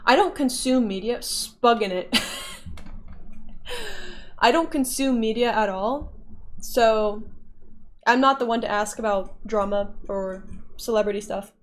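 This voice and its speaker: A woman's voice: a little high, unhurried. A young woman livestreaming, casually reading and answering chat with playful giggles.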